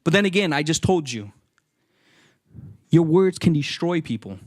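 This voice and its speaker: A young man giving a lively, casual sermon, acting out voices and joking with the listeners. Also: fairly high pitch, normal speed. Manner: animated, acts out quoted voices, jokes with listeners. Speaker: youth speaker.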